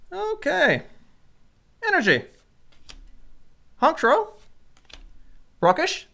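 Woman host, high and bouncy, calls out cards one by one and gets excitable. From Canada. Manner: excitable, reads card names aloud one by one. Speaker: channel host. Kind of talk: casual card-opening commentary.

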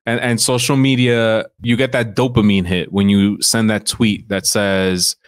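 A man's voice: fairly low pitch, little pitch movement, a little slow, clear, resonant tone, no echo, studio quality. Casual man telling a story. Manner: storytelling, loose and conversational with restarts. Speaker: podcast co-host. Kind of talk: casual chat.

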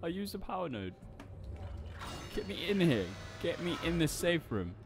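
A man playing a horror game and commentating aloud, jumpy, swearing, often shrieking. His voice runs fairly high and swings wildly in pitch, with game music clear behind him. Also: normal speed. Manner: excitable, swearing, shrieking when scared. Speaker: gaming YouTuber.

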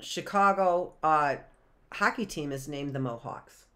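A woman's voice: sits low, unhurried, a bit bright. A woman, a teacher reading a picture book aloud to young children on a livestream and wandering into chatty asides and questions.

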